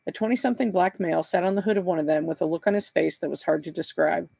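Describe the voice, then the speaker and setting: A man, the author, reading his novel aloud in a live session with steady, plain narration. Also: fairly high pitch, fast talker, vocal fry, dry recording.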